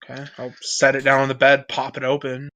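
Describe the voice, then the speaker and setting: A man playing a tabletop role-play game, brisk and businesslike, giving orders to others. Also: mid-range voice, monotone, pushed and bright. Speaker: player.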